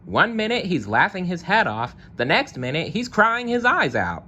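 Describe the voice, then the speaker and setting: A man's voice: sits high, huge pitch swings, normal speed, bright, forceful tone, slight background noise, pitched above the performer's own voice, heavily acted. A man doing a grumpy, blaming alligator. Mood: grumbling. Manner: whiny, grumbling, blaming. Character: grumpy complaining alligator at a party.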